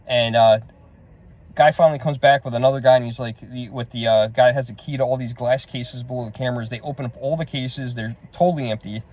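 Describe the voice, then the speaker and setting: A man's voice: medium pitch, steady tone, fairly quick, a little mellow. Exasperated man rambling through a story. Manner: rambling, exasperated retelling with quoted dialogue. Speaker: vlogger. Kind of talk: casual storytelling to camera.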